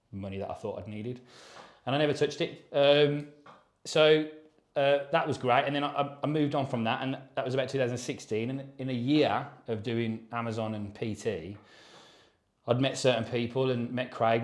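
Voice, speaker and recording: A man in his thirties talks in a loose, rambling way, dropping casual swear words. His voice sits at an ordinary middle pitch. The room adds a noticeable echo around him. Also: a little mellow. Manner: rambling, sweary and matter-of-fact. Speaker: podcast co-host. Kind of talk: casual chat. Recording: echoey room.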